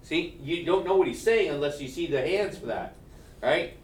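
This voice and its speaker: A man's voice: a little high, expressive, normal speed, recorded from a distance, a little hiss or hum. A male math teacher giving a classroom lecture, checking in with his students and joking between steps. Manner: keeps checking in with "right?", joking asides.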